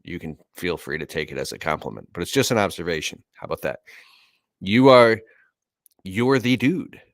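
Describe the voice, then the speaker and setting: Deep-voiced enthusiastic man host. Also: expressive, moderate pace, no room sound, studio quality. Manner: enthusiastic, complimentary, casual. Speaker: podcast host. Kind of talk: casual interview chat.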